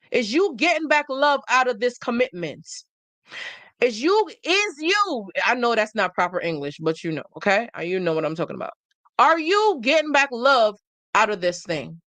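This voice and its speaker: A woman's voice: mid-range voice, a bit bright, dry recording. A woman giving a motivational talk straight to the listener, emphatic and informal, repeating her points to drive them home. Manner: informal, conversational, addresses the listener directly. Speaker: life coach vlogger.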